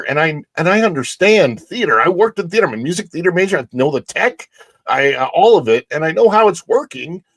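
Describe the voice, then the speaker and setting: A man co-hosting a talk show, telling a story in an animated, enthusiastic way, with his voice jumping higher when he gets excited. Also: moderate pace, creaky, dry recording. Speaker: co-host. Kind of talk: casual storytelling chat.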